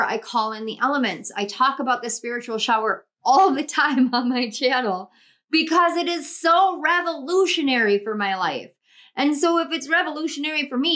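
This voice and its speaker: Woman tarot reader, young adult, pitched a touch high; soothing, rambling guided-imagery delivery. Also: fairly bright tone. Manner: soothing, flowing, repeats and restarts phrases. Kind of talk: guided visualization and tarot reading.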